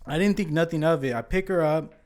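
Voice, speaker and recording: A podcast guest with a voice on the high side talks fast as he casually tells a long story. He's animated, swears often and acts out what people said.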